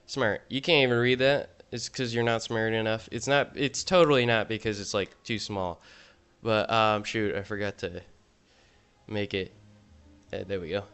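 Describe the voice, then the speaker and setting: A man's voice: on the low side, fairly even intonation, normal speed, fairly bright tone, clear, resonant tone. A man doing casual, self-mocking commentary as he ranks cards from a video game. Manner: joking, self-mocking, rambling. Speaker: YouTuber ranking game cards.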